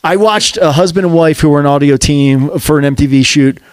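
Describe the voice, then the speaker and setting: A man who is a podcast guest, telling a quick anecdote in a casual, chatty way. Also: fairly high pitch, smooth, no echo, studio quality. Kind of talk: casual chat.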